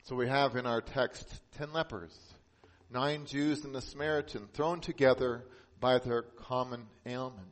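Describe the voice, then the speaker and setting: A man preaching a sermon as pastor, earnest, lifting his voice for emphasis and dropping soft and slow on key points. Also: medium pitch, steady tone.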